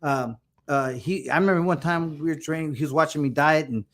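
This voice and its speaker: A man's voice: fairly high pitch, fairly quick. Rambling middle-aged man telling a story. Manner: rambling, repeats words, acts out quoted dialogue. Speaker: interview host, former boxer. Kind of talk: casual interview storytelling.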